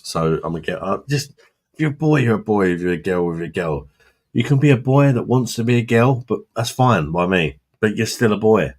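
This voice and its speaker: A man hosting a casual live stream, chatting with viewers in a blunt, sweary way and laughing often. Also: low voice. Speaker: livestream host reading chat.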